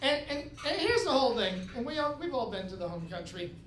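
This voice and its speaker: A man from the United States performing a stand-up comedy set, with an animated, punchy delivery and shouted impressions of his father. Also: extremely high pitch, fast, a little hiss or hum. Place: comedy club stage with live audience. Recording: echoey club with crowd laughter.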